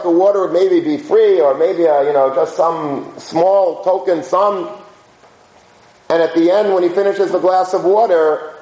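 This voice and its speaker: A man with a high, mellow voice teaches a conversational religious lecture, recorded with a roomy echo. He tells stories informally and anecdotally, sprinkling in Hebrew and Yiddish terms.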